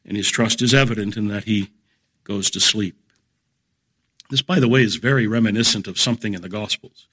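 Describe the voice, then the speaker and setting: A middle-aged man giving a measured, emphatic Bible lecture, explaining a psalm verse by verse. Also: on the low side, pushed and bright. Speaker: Bible teacher.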